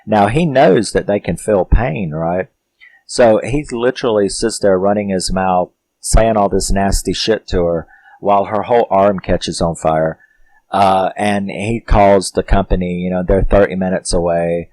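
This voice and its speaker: Male film reviewer, deep voice, chatty rambling recap with laughs, dry booth sound. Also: a little slow, a little mellow, dry recording. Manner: rambling, loose, with frequent "you know" fillers; laughs often while retelling.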